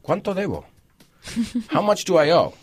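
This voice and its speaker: A man hosting a radio talk show in a studio, jokey and animated, acting out everyday phrases as he explains them. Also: sits high, moderate pace.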